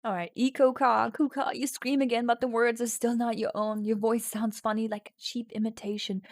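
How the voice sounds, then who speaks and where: A woman streamer casually reading a text adventure game aloud, playful and giggly, often breaking into loud mock shouting. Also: on the high side, fairly even intonation, moderate pace, gravelly, few pauses, no echo, clean studio sound.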